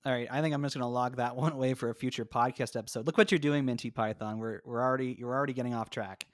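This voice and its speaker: A man's voice: medium pitch, steady tone, racing, no room sound. Chatty male podcast host, dry sound. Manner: chatty, introduces guests with rambling asides. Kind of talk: casual podcast chat. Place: home, recording remotely.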